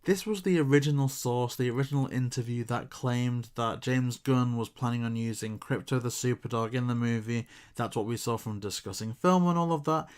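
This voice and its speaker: A man's voice: medium pitch, moderate pace, hardly any pauses, clear, resonant tone. A man hosting a channel, talking through a news story in casual commentary, thinking aloud with hedges and restarts. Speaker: YouTube commentary host.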